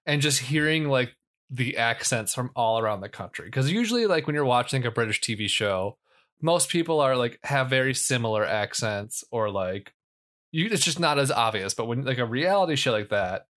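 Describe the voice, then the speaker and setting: A young man co-hosts a podcast in a relaxed, rambling way, often joking at his own expense. His voice sits at a middle pitch for a man. He talks casually and loosely. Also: normal speed. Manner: easygoing, rambling, self-deprecating. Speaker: podcast co-host. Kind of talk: casual chat.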